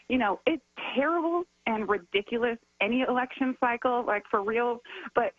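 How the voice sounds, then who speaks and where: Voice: medium pitch, moderate pace, no echo, phone-quality sound. Impassioned strategist guest on radio. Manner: impassioned, repetitive, rising to heated. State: says they are sick. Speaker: political strategist and organizer guest. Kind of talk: passionate call-in radio commentary.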